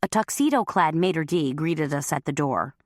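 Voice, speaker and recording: Low-voiced wry woman narrator. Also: lively intonation, normal speed, darkish tone, no echo, clean studio sound. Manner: wry, conversational. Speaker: audiobook narrator. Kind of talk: first-person humorous narration.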